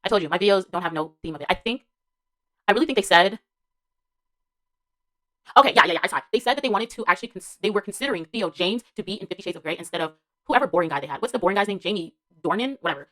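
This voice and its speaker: A woman's voice: medium pitch, lively intonation, rapid-fire, fairly bright tone. A woman giving a casual spoken TV show review as a vlogger. She rambles and gushes, fills her talk with slang and fillers, and laughs between remarks.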